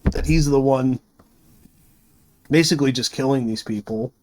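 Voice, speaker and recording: A man's voice: medium pitch, moderate pace, a little mellow. A man reviewing a movie, retelling the plot in a rambling, casual way full of fillers and restarts.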